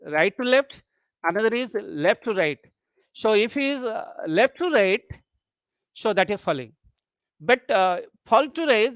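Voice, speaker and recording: A lecturer delivering an academic webinar, walking through each idea slowly and restating it in new words. The voice sits at a middling pitch and is recorded dry and close, with no room sound. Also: dry recording. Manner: explanatory, repeats and rephrases points, occasional restarts.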